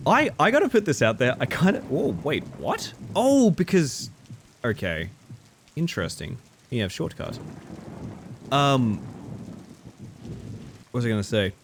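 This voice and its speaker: An Australian man streaming a horror game, chatting with viewers in a playful, rambling, self-mocking way that swings between goofy and deadpan. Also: mid-range voice, measured pace, pauses often, slight background noise. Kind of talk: casual live-stream commentary.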